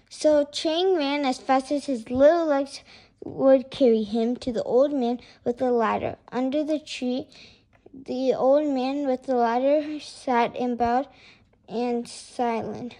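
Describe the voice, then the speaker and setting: A woman reading a children's storybook aloud, in an expressive and lilting way. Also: sits high, slow.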